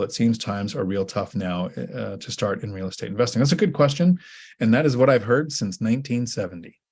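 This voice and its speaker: Low, husky man rambling casually. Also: a little mellow. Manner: rambling, halting with restarts. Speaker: host. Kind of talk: casual livestream Q&A.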